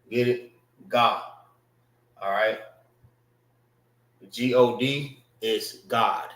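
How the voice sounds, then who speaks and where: A man teaching a class, explaining slowly, repeating words and checking with his listeners. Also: medium pitch, steady tone, fairly bright tone, roomy sound. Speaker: class instructor. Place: indoor classroom.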